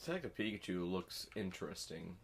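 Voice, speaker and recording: A teenage boy co-hosting a casual comedy podcast, telling stories in an animated way. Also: deep voice, brisk, vocal fry, slight background noise. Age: teens. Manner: animated storytelling. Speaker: podcast co-host. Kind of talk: casual chat.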